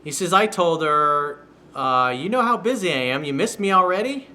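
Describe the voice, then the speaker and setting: A man gives dating advice as a coach in a solo video newsletter commentary, reading a viewer's email and answering in a blunt, profane, sarcastic way. His voice is on the high side, animated and sharp, at normal speed. He's recording in a home room while workers are outside the window.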